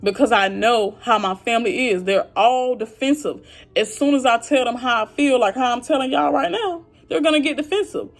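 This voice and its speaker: A woman's voice: a little high, moderate pace, faint music behind. A young woman venting to her viewers about family trouble, frustrated and heartfelt, speaking directly and casually. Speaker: vlogger. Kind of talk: emotional venting to camera.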